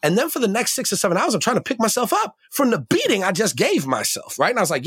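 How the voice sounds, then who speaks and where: A man's voice: high voice, wildly swooping pitch, fast talker, fairly bright tone, slightly rough, dry recording. A man, a podcast guest, telling a personal story in a reflective, slangy way, often checking in with "right?". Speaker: podcast guest, emcee and educator. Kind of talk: candid podcast conversation.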